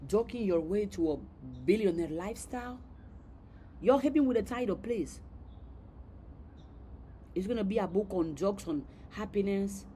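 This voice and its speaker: A woman talks casually to her viewers in a playful, joking tone, repeating herself as she goes. Her voice sits at a middle pitch. A faint hiss stays in the background. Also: animated, normal speed, long pauses, dark tone. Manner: playful, laughs at her own jokes, repeats words. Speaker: host. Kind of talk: casual motivational talk to viewers.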